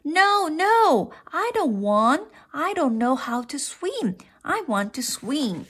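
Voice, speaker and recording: A woman voicing a small, stubborn young boy frog who whines in a high, squealing voice for a storybook. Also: very animated, unhurried, a bit bright, full character voice. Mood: whiny.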